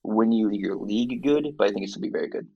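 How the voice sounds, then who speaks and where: A man co-hosting a fantasy football podcast in casual chat, dry and jokey in a measured way. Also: on the low side, breathy edge, lo-fi sound.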